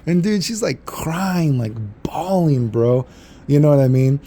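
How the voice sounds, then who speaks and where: A man's voice: on the high side, lively intonation, a little slow, dark tone. A man telling a story in a casual, rambling monologue, laid-back and full of fillers and self-corrections. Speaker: vlogger.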